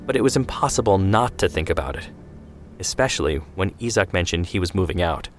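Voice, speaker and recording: A man narrating a family history story and then explaining its background in a measured way. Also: low voice, expressive, soft background music. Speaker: storyteller and host. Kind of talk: scripted narration.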